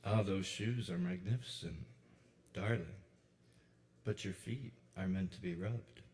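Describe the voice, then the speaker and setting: Male poet at an open mic, lower voice, deliberate pauses, unhurried reading. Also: steady tone, a little mellow. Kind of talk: live poetry reading. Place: kava bar venue.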